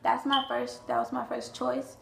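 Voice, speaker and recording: A woman's voice: fairly high pitch, flat delivery, normal speed, gravelly, echoey room, rough recording. A young woman from Alabama, a college freshman, talking casually to camera in a chatty, playful way with lots of fillers and asides. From Alabama, US Southern. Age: young adult.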